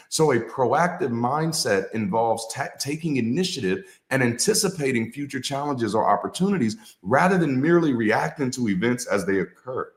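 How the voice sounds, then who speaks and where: A man's voice: mid-range voice, lively intonation, normal speed, few pauses. Echoey preacher-style man, repeats his points. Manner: preacher-like cadence, repeating key phrases; casual, with slang and swearing. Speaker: ex-pastor and co-host. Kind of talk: motivational talk with storytelling. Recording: echoey room.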